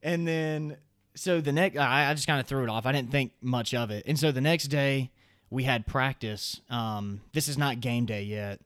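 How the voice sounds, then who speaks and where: A man's voice: mid-range voice, moderate pace, fairly bright tone, clean tone, no room sound, studio quality. A young man with a Southern US accent, casually telling a long, rambling story with lots of fillers. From American South. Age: young adult.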